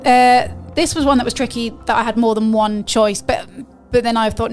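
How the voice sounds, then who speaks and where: A woman's voice: on the high side, fairly even intonation, a little fast, few pauses, darkish tone, soft background music. A woman with an English accent, chatting casually as a podcast co-host, enthusiastic and given to fillers. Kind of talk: casual chat.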